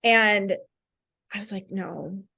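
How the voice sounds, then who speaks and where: Woman guest, open and reflective, casual chatty delivery, middle-pitched voice. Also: steady tone, slow pace, gravelly, bright, forceful tone, breathy edge. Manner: candid, reflective, many "like" fillers. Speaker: podcast guest. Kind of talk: casual conversational interview.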